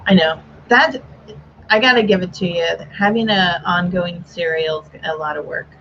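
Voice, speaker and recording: A woman's voice: on the low side, moderate pace, a bit bright, slight background noise. A woman hosting a casual livestream chat, upbeat and full of filler words. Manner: chatty, upbeat, lots of "like" fillers. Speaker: livestream host. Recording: dull lo-fi stream audio.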